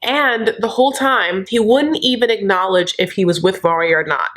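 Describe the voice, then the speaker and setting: A woman's voice: mid-range voice, moderate pace, fairly bright tone. A woman hosting a comedic reality-TV recap vlog, sassy and gossipy, calling viewers honey and acting out quotes. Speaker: host.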